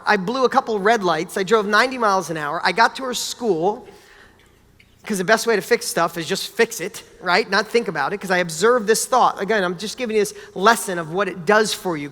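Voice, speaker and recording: Animated man telling stories in a reverberant hall. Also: high-pitched. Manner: animated, casual, blunt, with mild swearing. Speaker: motivational speaker. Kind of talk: motivational talk with personal stories.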